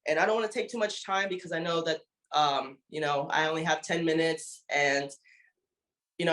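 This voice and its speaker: A woman's voice: lowish voice, a bit bright, echoey room. A woman giving a heartfelt, motivational testimony as a network marketing leader, emotional and leaning often on "you know.".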